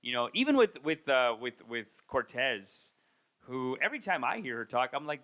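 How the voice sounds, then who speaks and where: A man in his thirties, a comedian, rambling through a casual comedic monologue and mocking people with raised, animated impressions. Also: mid-range voice, moderate pace. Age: 30s. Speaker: comedian and podcast host. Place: Toronto.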